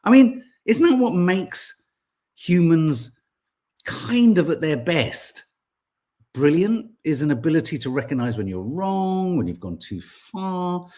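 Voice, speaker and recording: Male podcast co-host, 40s, rambling and wry, very animated intonation. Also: fairly high pitch, slow. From England. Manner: rambling, reads listener comments aloud, wry asides. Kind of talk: casual chat.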